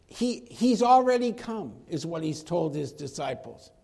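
Man, high-pitched voice, conversational sermon, Bible teaching, casual slang. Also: sing-song, a little slow, vocal fry, darkish tone, breathy edge. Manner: conversational, acts out quoted dialogue with slang. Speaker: preacher.

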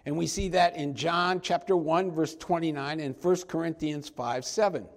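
High-voiced man preaching a sermon. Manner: emphatic preaching, slows for key points. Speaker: pastor.

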